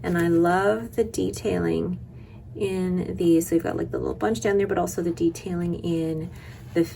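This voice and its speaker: A woman's voice: lowish voice, fairly even intonation, normal speed, vocal fry, dark tone, a little hiss or hum. A woman hosting her planner channel, showing new sticker collections in a chatty, enthusiastic way. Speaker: sticker shop owner and planner channel host. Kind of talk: product showcase.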